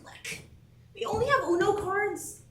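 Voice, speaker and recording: A woman's voice: very high voice, unhurried. An actress playing a playful, superstitious young woman camper in a stage play, teasing and goofy. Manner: teasing, goofy, sings jokingly. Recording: roomy stage sound from a distant mic, background noise.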